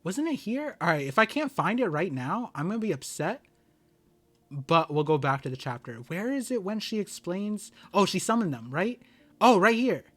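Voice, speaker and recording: A young man streaming live, reading a comic chapter aloud and reacting with excited exclamations and stammers. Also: high-pitched, moderate pace.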